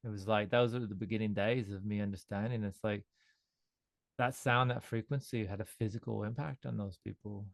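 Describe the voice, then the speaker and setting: A man, a sound healer, talking in a relaxed, rambling way with frequent restarts during an interview. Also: lowish voice, moderate pace, creaky, no echo. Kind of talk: casual interview talk.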